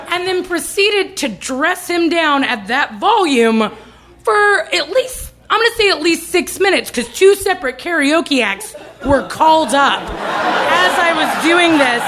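A young woman with a high voice tells a comic story live on stage. She is animated and slips into loud, ranting retellings. Behind her a crowd laughs over steady room noise. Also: unhurried. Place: live stage before an audience.

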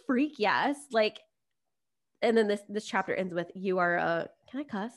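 A woman's voice: mid-range voice, moderate pace. A woman, a business coach chatting as a podcast guest, upbeat and digressive. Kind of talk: casual podcast conversation.

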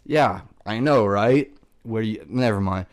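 A man's voice: on the low side, unhurried. A young man, a comedian, ranting casually and profanely, rambling with lots of filler words and exasperation.

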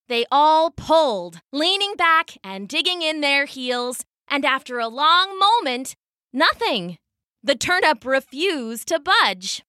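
A woman narrates a children's folktale in a playful, lilting way, her voice high and bright. She takes her time, and her pitch rises and falls a lot. The recording is dry and close, with faint music underneath. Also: sing-song, slow pace, no room sound. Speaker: storyteller. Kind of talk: scripted storybook narration.

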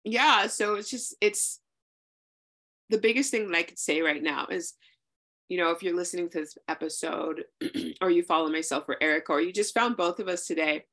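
Woman podcast host, gravelly fry in her voice, fired up and pep-talky, drops a swear now and then. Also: on the low side, normal speed, a bit bright. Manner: fervent, motivational, swears for emphasis. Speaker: podcast host and spiritual coach. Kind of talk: casual podcast chat.

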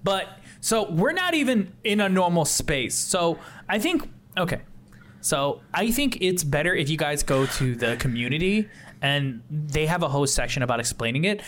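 Game master, male, rambling and excitable, slangy, voice sits a little high. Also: moderate pace, slight background noise. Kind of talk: narrating a tabletop game, voicing characters.

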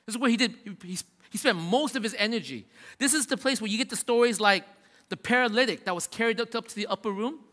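A man's voice: high-pitched, fast talker, sharp tone. A man preaching a sermon in a casual, emphatic way, restarting phrases and building up repeated lines. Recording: long reverb of a large hall.

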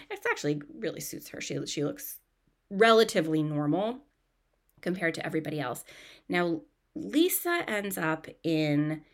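A woman hosting a podcast, recapping a reality show in a chatty, gossipy, animated way. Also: on the low side. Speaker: podcast host.

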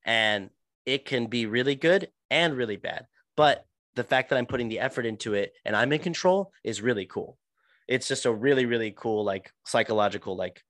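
A man's voice: lowish voice, normal speed, fairly bright tone, dry recording. Young guy actor rambling about theater, lots of like and you know, dry close mic. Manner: rambling, many restarts and fillers. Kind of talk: casual podcast chat.

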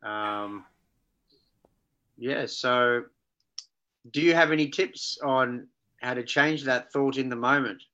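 A man's voice: medium pitch, slow, pauses often, sharp tone, highs cut off. A man who works as a life coach, talking with energy as a podcast guest and often checking in with "right?". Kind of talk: casual podcast conversation.

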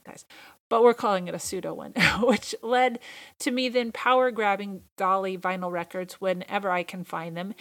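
A woman's voice: mid-range voice, gravelly, fairly bright tone. A woman hosting her own podcast in a casual solo monologue, talking with gushing enthusiasm. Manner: enthusiastic, gushing fan talk. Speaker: podcast host.

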